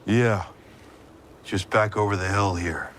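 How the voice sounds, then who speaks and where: A man's voice: lowish voice, steady tone, slow, a bit bright, a little hiss or hum. A terse, suspicious rural man. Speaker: film character. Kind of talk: film acting.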